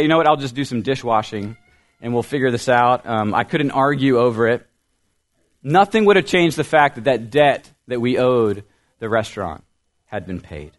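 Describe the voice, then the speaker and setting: A young male pastor delivers a sermon in an earnest, storytelling way. His voice sits at a middle pitch, pushing up on key points and trailing off quietly at the ends of phrases.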